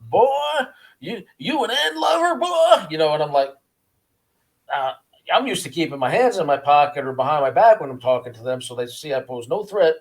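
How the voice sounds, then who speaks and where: A man, a former prisoner, telling his story in a casual interview with an earnest, halting manner, often repeating words. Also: fairly high pitch, lively intonation, a little mellow. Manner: earnest, repeats words, acts out guards' voices.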